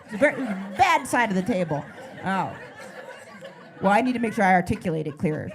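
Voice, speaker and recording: A woman comedian on a club stage, doing crowd work and a stand-up set in a neurotic, self-deprecating way, breaking into loud mock panic. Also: medium pitch, sing-song, brisk, over music. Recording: live club recording with audience noise.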